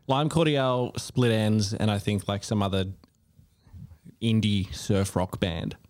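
A man's voice: fairly low pitch, fairly even intonation, a little slow, darkish tone. A man co-hosting a podcast, answering in a laid-back, casual way with short replies. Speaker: podcast co-host. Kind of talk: casual chat.

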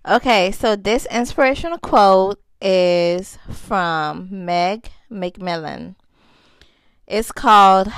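A woman's voice: mid-range voice, takes it slowly, clean tone, no room sound. A young woman hosting a casual chat podcast for mothers, chatty and laughing, stretching out phrases for emphasis. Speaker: podcast host.

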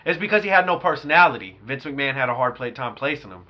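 A man's voice: medium pitch, fast. A man co-hosting a casual podcast, telling stories in slangy talk and acting out the quotes. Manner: animated storyteller, slangy, acts out quotes. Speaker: podcast co-host. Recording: dull lo-fi sound.

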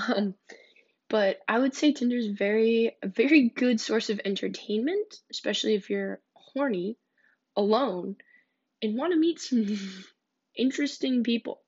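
Young woman with a gravelly vocal fry. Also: fairly high pitch, unhurried, a little mellow. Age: young adult. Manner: candid, blunt, swears freely. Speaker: podcast host. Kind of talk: casual storytelling podcast. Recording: dull lo-fi recording.

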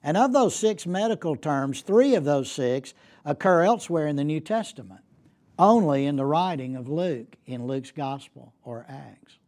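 A man's voice: fairly high pitch, darkish tone. A man giving an academic lecture as a guest speaker, emphatic and repeating key points for effect. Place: lecture hall.

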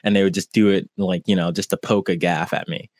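Man, low voice, hesitant chat, lots of ums, dry close mic. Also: steady tone, brisk, darkish tone, no echo. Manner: hesitant, many fillers and restarts. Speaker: podcast guest, streamer. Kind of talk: casual conversation.

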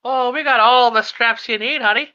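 A man voicing a plump old shopkeeper woman with a folksy drawl, quick to take offense. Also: very high-pitched, bright, forceful tone, clean tone, pitched above the performer's own voice, full character voice. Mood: flirty. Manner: folksy drawl, sing-song and touchy. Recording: dull lo-fi sound.

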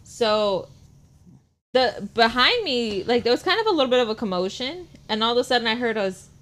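A woman's voice: on the high side, expressive, fairly quick, fairly bright tone. Blunt, swearing woman in casual chat. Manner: blunt and profane, rambling with many likes.

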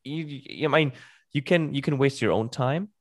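A man's voice: mid-range voice, dry recording. Podcast guest, man, late twenties, stop-start casual delivery, dry close sound. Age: 20s. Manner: halting, many restarts and fillers. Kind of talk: casual chat.

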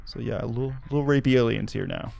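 A man from Arkansas who hosts a podcast tells a story with wry asides, laughing at his own jokes. His medium-pitched voice is fast, creaky, and darkish in tone, with soft music playing in the background.

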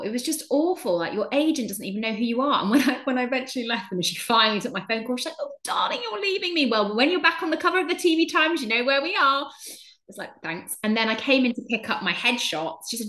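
An actress telling stories in a chatty, animated way on a podcast. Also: female voice, on the high side. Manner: chatty storyteller, animated, swears. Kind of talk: casual chat.

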